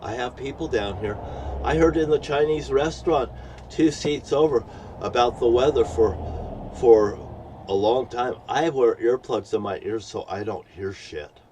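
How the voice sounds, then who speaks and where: A man's voice: mid-range voice, measured pace, darkish tone, recorded from a distance, slight background noise. A man ranting to camera in an angry, profane, rambling preaching manner. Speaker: vlogger.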